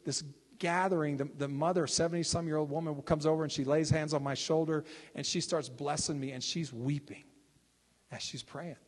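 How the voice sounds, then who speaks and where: A minister sharing testimony stories in a relaxed, conversational way, acting out the people he quotes. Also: a little high, normal speed, long reverb tail. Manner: conversational, acts out quoted speakers. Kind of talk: sermon testimony storytelling.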